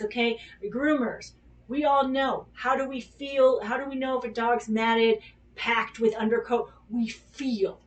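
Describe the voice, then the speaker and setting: Animated woman telling a story off-mic. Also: fairly high pitch, recorded from a distance. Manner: animated, exclamatory, swears freely. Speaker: dog groomer. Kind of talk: casual storytelling monologue.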